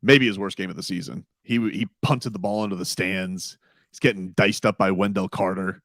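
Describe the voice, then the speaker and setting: A man co-hosting a sports radio show, chatting and arguing about games in an animated, incredulous way. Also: low voice, no room sound. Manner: animated, incredulous, quick to quote and mimic. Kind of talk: casual sports radio banter.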